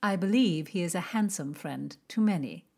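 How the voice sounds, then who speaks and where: A woman's voice: lowish voice, lively intonation, moderate pace, creaky, darkish tone. A woman voicing a guarded young female innkeeper in an audiobook, speaking formally and coolly polite. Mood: gentle. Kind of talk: audiobook character reading.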